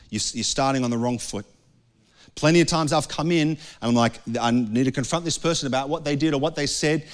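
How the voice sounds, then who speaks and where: Earnest male pastor preaching. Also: medium pitch. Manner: earnest, conversational preaching that drops to soft prayer. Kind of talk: sermon.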